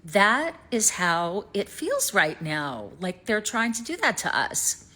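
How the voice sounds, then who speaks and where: A woman's voice: medium pitch, sing-song, slow, sharp tone. A middle-aged woman from East Tennessee with a Southern accent, rambling in a worried personal vlog and trailing off to near-whispers. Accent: Southern American. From East Tennessee, United States. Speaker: vlogger. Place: rented home in Canada.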